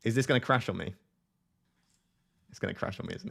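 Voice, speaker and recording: A man chatting excitedly on a live stream, often restarting his sentences while he clicks around. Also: medium pitch, fairly quick, creaky, pauses often, slightly rough.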